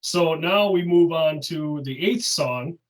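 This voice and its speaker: A man with a fairly high voice, co-hosting a casual music podcast. He sits a little back from the mic, so he sounds somewhat distant. He talks through the songs one at a time and keeps chiming in with short agreements. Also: slow. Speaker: podcast co-host. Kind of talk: casual chat.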